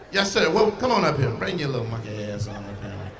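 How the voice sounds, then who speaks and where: A woman's voice: a bass voice, big pitch swings, fairly quick. A woman stand-up comedian doing crowd work on a live stage, brash and profane as she teases the audience. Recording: echoey venue with audience noise.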